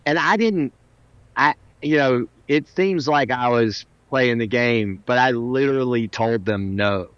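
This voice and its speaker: A man in his fifties tells stories with animated, self-mocking humor, his voice sitting at an ordinary middle pitch. The sound is dry and slightly dull, as if the highs were trimmed off. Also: measured pace, clean tone, no echo. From South Carolina, US. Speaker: musician guest. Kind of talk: casual interview storytelling.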